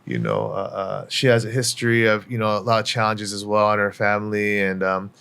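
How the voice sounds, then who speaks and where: A man's voice: on the low side, brisk, gravelly, fairly bright tone, smooth. A middle-aged man speaking as a podcast guest, telling his life story in a candid, reflective way with many fillers. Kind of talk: personal story in casual interview.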